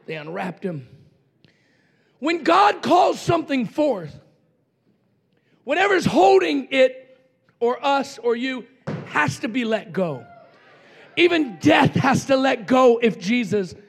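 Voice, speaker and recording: High, gravelly-voiced preaching man. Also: animated, takes it slowly, long pauses. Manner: impassioned, shouting, calls for congregation response. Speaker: pastor. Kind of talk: revival sermon.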